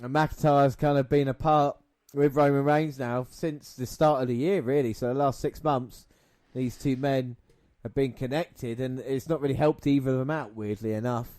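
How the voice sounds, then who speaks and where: A man's voice: mid-range voice, steady tone, normal speed, a little mellow, no echo, clean studio sound. A man co-hosting a podcast, giving casual wrestling commentary in a sarcastic, swearing manner. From half Scottish. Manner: sarcastic, swearing, laughs often. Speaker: podcast co-host.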